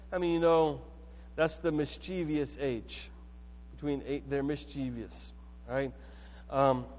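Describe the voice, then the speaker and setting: A pastor with a high, darkish voice preaches a sermon in a conversational, storytelling style, checking in with the congregation frequently. The recording is from a church sanctuary and has a reverberant, hall-like sound.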